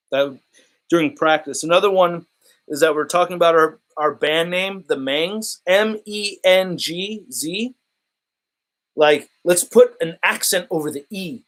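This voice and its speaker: A man's voice: on the high side, a bit bright. A man hosting a casual live stream about toy collecting, rambling and joking, often laughing and repeating himself.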